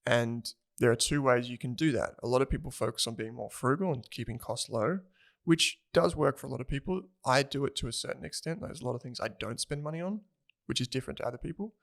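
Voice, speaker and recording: A man's voice: medium pitch, fast talker, vocal fry. A man, co-hosting a personal finance podcast in a rambling, chatty way and laughing easily. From Australia. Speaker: podcast co-host. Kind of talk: casual chat.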